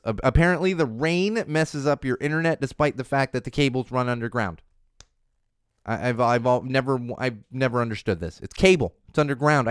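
A man in his thirties hosts a casual live-streamed talk show in a smooth, resonant voice of middle pitch. He rambles in a chatty way and keeps restarting his sentences. The sound is dry and close. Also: dry recording. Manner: chatty, rambling, self-interrupting. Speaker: show host. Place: studio in Los Angeles.

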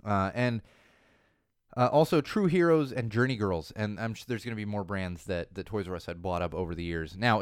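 A man's voice: fairly low pitch, clear, resonant tone, dry recording, studio quality. A man in his thirties hosting a podcast, talking casually with many fillers and restarts, his voice a little worn. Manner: rambling, lots of fillers and restarts. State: slightly losing his voice. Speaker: podcast host.

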